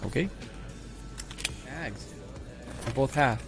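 A man giving crude, excitable commentary while playing a shooter game. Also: mid-range voice, brisk. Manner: excitable, crude, swears often. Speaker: gaming streamer. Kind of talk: profane gameplay commentary. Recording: loud music behind.

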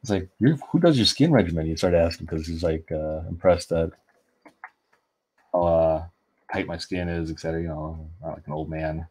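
Low-voiced man rambling through a story. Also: completely flat delivery, normal speed, warm tone. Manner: rambling, self-interrupting anecdote telling. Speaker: artist streaming a coloring session. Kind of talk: casual storytelling while drawing.

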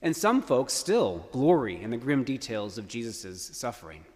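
A man's voice: medium pitch, very animated, moderate pace. A man preaching a sermon in a church, telling a story in an earnest, emphatic way. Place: church sanctuary. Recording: long church reverb.

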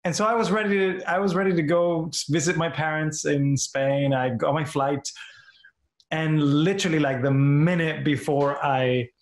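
A man's voice: fairly high pitch, steady tone, normal speed, roomy sound. A man from Argentina being interviewed as an actor guest, chatting casually and animatedly, laughing often and restarting his phrases.

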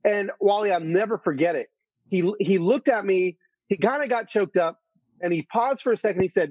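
A man's voice: sits high, moderate pace, darkish tone, breathy edge, no room sound, highs cut off. A man as an interview guest, telling a story earnestly, full of restarts and asides.

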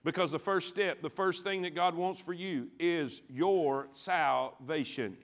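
A man preaching a sermon as pastor, calling on the congregation to answer back and swinging from quiet, low lines to loud ones. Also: measured pace, hardly any pauses. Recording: church sanctuary.

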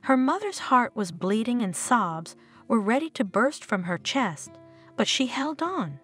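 A woman narrating an audio story in a steady, expressive reading. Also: on the high side, measured pace, husky, soft background music.

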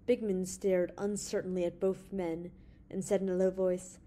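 A woman narrating an audiobook in a steady reading voice. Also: mid-range voice, moderate pace.

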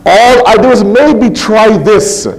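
A man's voice: high-pitched, takes it slowly, big-room sound, voice pushed up, low-quality recording. A man playing a male devil figure who casually protests that he only whispered and forced no one. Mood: protesting. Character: Shaitan, an excuse-making male tempter.

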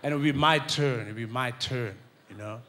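A man telling childhood stories in an animated stand-up comedy set. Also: mid-range voice, normal speed. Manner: animated, acts out scenes.

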